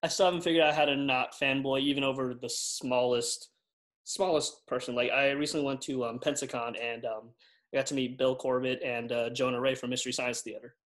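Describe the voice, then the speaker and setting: Easygoing guy, mid-pitch voice, chill chat, laughs at himself. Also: fairly even intonation, brisk, a bit bright. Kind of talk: casual chat.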